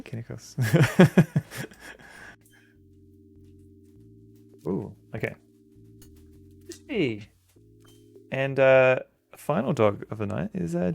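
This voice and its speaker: Australian male streamer, casual rambling delivery, creaky texture. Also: medium pitch, lively intonation, slow pace, long pauses, soft background music. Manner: rambling, chatty, fond baby-talk to dogs. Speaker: game streamer. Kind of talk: casual live-stream chat. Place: home room with dogs.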